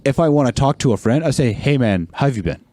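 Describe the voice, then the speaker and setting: A man's voice: medium pitch, expressive, fast, warm tone, no echo. A young man in his twenties talking casually as a podcast guest. He acts out voices in his stories and laughs often. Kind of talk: casual chat.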